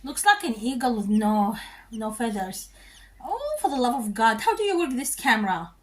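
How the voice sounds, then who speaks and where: A woman's voice: fairly high pitch, big pitch swings, moderate pace. A woman casually demonstrating how she hand-feeds her birds, talking to them affectionately as she works. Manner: cooing, affectionate talk to baby birds. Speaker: bird keeper showing hand-feeding.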